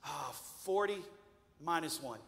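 A man's voice: a little high, expressive, slow, gravelly, a bit bright, long reverb tail, pitched below the performer's own voice, full character voice. A man preaching puts on a petulant, vengeful male god who whines that he is ticked off and demanding. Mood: whiny. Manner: whiny, exasperated, demanding.

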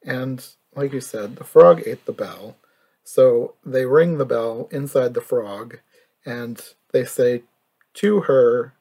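A man's voice: mid-range voice, slow pace, dark tone. A man co-hosting a podcast, chatting in an easygoing way about a cartoon, laughing often. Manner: easygoing, laughs a lot, uses filler "like". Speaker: podcast co-host. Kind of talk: casual chat about a cartoon.

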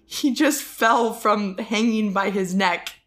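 A woman's voice: medium pitch, fairly bright tone. A woman co-hosting a casual film discussion podcast, talking in rambling bursts full of likes and restarts. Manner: rambling, many fillers and restarts, quick bursts. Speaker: podcast co-host.

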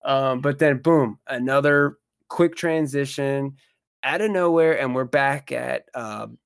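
A mid-pitched man chatting on a podcast, retelling scenes loosely with lots of fillers and quick laughs. His voice sits close and dry with no room sound. The talk is relaxed and conversational. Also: vocal fry, smooth, no echo. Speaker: podcast co-host. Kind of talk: casual movie-review chat.

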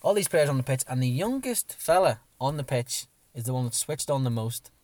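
A man co-hosting a casual football chat, excitable and slightly hoarse, acting out his own shouts as he tells a story. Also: mid-range voice, a little fast, dry recording. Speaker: podcast co-host.

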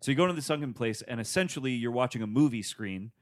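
A man's voice: mid-range voice, expressive, quick pace. A man hosting a casual film discussion, building his points with care in long runs.

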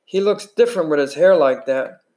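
A man voicing a tough, cocky teenage greaser boy with a rough voice and a gruff, teasing way of talking, read from a storybook. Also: a little high, expressive, moderate pace, darkish tone, natural voice.

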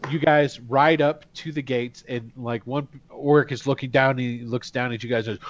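Game master, male, relaxed table talk, dull lo-fi recording. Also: mid-range voice, moderate pace, a little hiss or hum. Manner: casual, laughs often, voices the guards. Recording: dull lo-fi sound.

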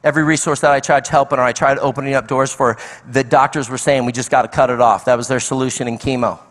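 A man's voice: medium pitch, quick pace. A middle-aged man preaching a sermon as guest speaker, telling a story animatedly and acting out the people in it. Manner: animated storytelling with acted-out quotes. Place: large church hall. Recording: long hall reverb.

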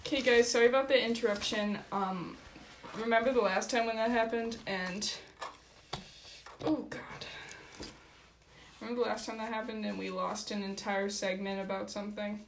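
A woman's voice: medium pitch, fairly even intonation, brisk, gravelly, slight background noise. A young woman co-hosting a casual podcast chat, playful and teasing with frequent giggles. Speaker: podcast co-host. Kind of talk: casual chat while doing nails.

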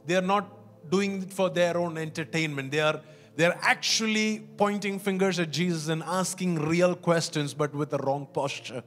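Earnest preacher, higher-voiced man. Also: moderate pace, fairly bright tone. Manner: earnest, emphatic, repeats words, asks the congregation questions. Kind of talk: sermon.

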